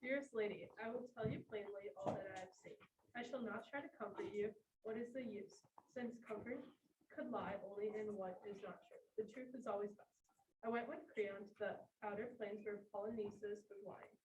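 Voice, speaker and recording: A messenger bearing grim news, read aloud by a woman in a classroom play reading. The delivery is plain and steady. The sound is roomy and picked up from a distance, with faint noise under it. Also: mid-range voice, normal speed, lightly acted. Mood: grave. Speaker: student reader. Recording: echoey room, far from mic.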